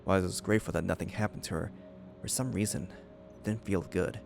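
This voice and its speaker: A man hosting a let's play, reading the game's narration aloud in an even storytelling way. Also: low voice, fast talker, creaky, over music.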